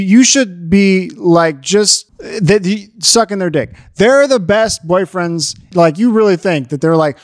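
A man's voice: high voice, no echo, studio quality. A man giving a profane, exasperated comedic rant, lecturing his audience on how to behave.

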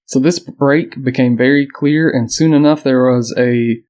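A man's voice: mid-range voice, unhurried. A man co-hosting a podcast, casually retelling history with fillers and small laughs. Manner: relaxed storytelling with frequent fillers and laughs. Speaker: podcast co-host.

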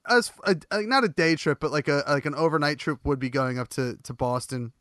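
Man, podcast host, rambling, bright tone, dry close sound. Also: fairly high pitch, fairly quick, dry recording. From Bucks County, Pennsylvania. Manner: rambling, laughs often, many restarts. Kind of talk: casual chat.

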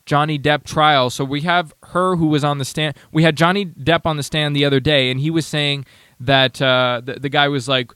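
A man's voice: on the high side, steady tone, normal speed, bright, forceful tone, clear, resonant tone, dry recording. A man hosting a casual talk show, sarcastic and rambling, with many restarts. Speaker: podcast host. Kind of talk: casual commentary.

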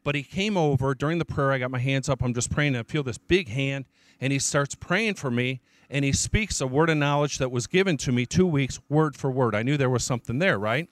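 A man's voice: medium pitch, fairly quick, dry recording. A man, a church elder, preaching his testimony as an emphatic storyteller who repeats his key phrases.

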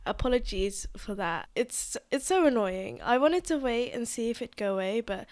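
Female podcast host, congested and nasal, relaxed and talkative. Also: fairly high pitch, moderate pace. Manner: chatty, uses filler "like" often. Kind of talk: casual solo podcast chat.

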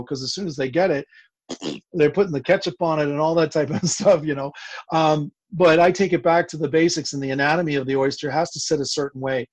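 A man speaks in a fairly high register, eagerly walking through his craft. He explains at length in a relaxed interview, often restarting his sentences. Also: no room sound. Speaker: oyster expert guest. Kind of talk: casual interview talk.

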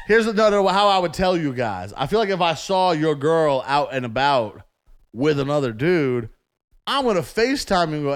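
A man's voice: a little high, very animated, normal speed. Casual man posing hypotheticals. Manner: poses hypotheticals, acts out quotes. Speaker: podcast co-host. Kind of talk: casual chat.

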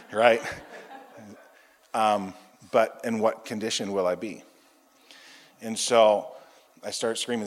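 A man giving an animated testimony sermon, acting out the dialogue of his story. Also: lowish voice. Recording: long hall reverb.

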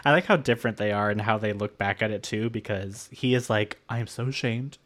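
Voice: mid-range voice, brisk, a bit bright. A co-host of a book podcast in casual chat, agreeing, chiming in with short replies and chuckling.

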